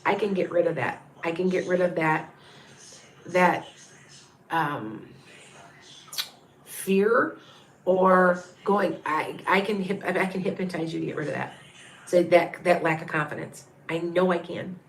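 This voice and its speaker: Lowish and unhurried, with long pauses and slight background noise, this middle-aged woman gives psychic readings on a live stream. She thinks aloud in a repetitive, meandering way, reading viewers' names and counting softly to herself.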